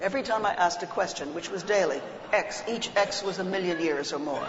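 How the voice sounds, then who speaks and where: An older woman telling an animated, comic story to an audience. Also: on the low side, brisk, heavy background noise. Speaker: speaker. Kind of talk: humorous storytelling talk to an audience. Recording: muffled echoey hall recording.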